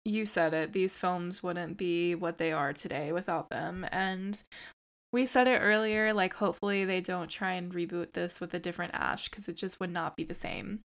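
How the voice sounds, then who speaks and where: A woman's voice: fairly low pitch, moderate pace. A woman co-hosting a horror podcast, chatting casually and enthusiastically, swearing now and then. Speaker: podcast co-host. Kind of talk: casual chat.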